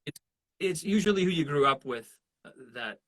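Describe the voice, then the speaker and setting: A man talking casually in an interview, animated and chatty, with a bright, clear tone. He tells anecdotes and keeps jumping into little character voices as he goes. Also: on the high side, moderate pace. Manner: animated storyteller who slips into voices. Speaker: voice actor guest.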